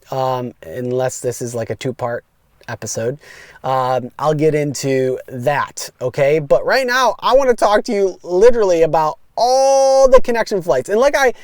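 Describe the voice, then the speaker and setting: A man in his thirties from West Allis, Wisconsin, USA, hosts a casual solo podcast, speaking straight to listeners in an upbeat, rambling way. His voice is on the high side, recorded at studio quality with no room sound.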